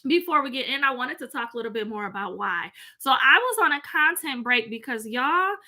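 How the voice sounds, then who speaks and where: A woman's voice: sits high, lively intonation, fairly quick, bright, forceful tone. A woman, chatting casually from home straight to her viewers and reading out their comments. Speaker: vlogger.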